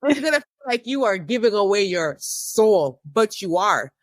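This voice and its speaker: A woman in her thirties giving a candid personal testimony as an interview guest, with emotional, preacher-like rises in pitch. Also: very animated, normal speed, no room sound, clean studio sound.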